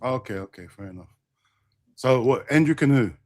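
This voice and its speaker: A man on a football fan stream, teasing his co-host with emphatic questions. He leans on slang. His voice is plainly mid-pitched. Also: animated, normal speed, darkish tone. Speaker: co-host of a fan talk show. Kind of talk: casual chat.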